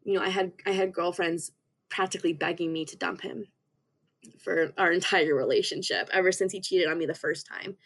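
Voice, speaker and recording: This young woman, a podcast guest, speaks in a lowish voice with fairly even intonation. She tells an emotional personal story earnestly, haltingly, and with frequent restarts.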